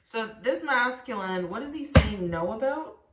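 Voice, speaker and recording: A woman's voice: a little high, animated, normal speed, loud music behind the voice. Woman doing a tarot reading in an echoey room. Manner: acts out quoted voices, talks straight to viewers. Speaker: tarot reader. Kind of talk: spoken tarot reading to viewers.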